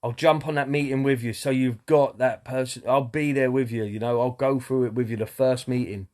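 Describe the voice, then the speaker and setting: A man's voice: medium pitch, steady tone, a little fast, a little mellow. Candid man with a middle voice. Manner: candid, earnest, swears, many fillers. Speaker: person in recovery sharing his story. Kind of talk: personal talk to camera.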